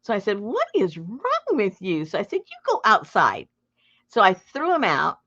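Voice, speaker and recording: A middle-aged woman telling a story to her viewers in a casual, animated way, breaking into laughter and loud acted outbursts. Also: medium pitch, normal speed. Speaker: junk journal crafter and channel host. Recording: dull lo-fi home recording.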